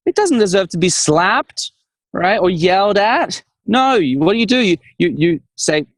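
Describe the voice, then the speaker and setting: A man speaking as a guest in a conversation, telling stories in a playful, animated way and acting out little scenes. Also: sits high, a little slow, no room sound. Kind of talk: conversational storytelling.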